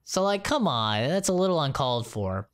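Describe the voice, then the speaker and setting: A man's voice: a little high, moderate pace. A man chatting casually on a live stream, ranting animatedly with lots of swearing and laughter. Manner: animated, profane, laughing rants.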